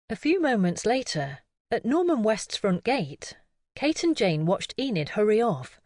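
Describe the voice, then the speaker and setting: A woman narrating an audiobook mystery in a calm, expressive way. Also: medium pitch, unhurried, dry recording, studio quality. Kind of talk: scripted narration.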